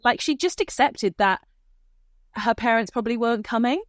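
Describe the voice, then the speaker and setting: A woman's voice: fairly high pitch, moderate pace, no room sound, studio quality. A young woman, a guest on a podcast, chatting enthusiastically about a film. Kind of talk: casual film chat.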